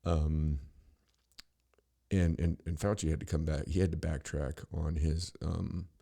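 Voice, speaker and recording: A man's voice: extremely low pitch, fairly even intonation, a little slow, creaky, mellow. A middle-aged man hosting a podcast, ranting in a rambling, profane, sarcastic monologue full of restarts. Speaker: podcast host.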